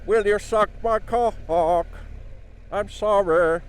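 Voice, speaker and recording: A man putting on the voice of a meek, overly polite male pop singer, soft and drawn out. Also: high voice, slow pace, a little hiss or hum, voice pushed up. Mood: meek, pleading.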